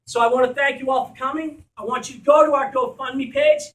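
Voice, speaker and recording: A high-voiced man who organizes community events gives a fiery speech at a gathering in a school, his tone steady and fairly bright as he talks fairly quickly. Passionate and blunt, he swears when fired up; he's distant from the mic, in an echoey room recorded from afar.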